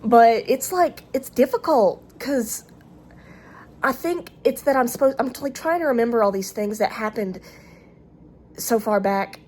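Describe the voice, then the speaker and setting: Talking directly into her own camera, a Southern US woman rambles casually, hesitating and restarting with plenty of fillers. She speaks at a measured pace in a fairly high voice with a darkish tone.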